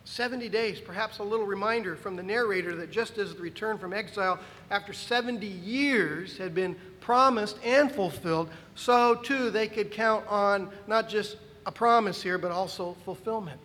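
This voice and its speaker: A male pastor delivers a sermon in a high, bright-sitting voice, emphatic and animated, with wry asides to his listeners. His words ring out with a long reverb, as in a large church hall. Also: moderate pace, few pauses.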